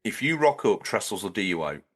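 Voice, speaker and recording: Lively, jokey man co-hosting. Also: fairly low pitch, brisk, husky. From Lincolnshire, England. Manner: playful, mock-grand delivery. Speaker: podcast co-host. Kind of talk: jokey banter and ad reads.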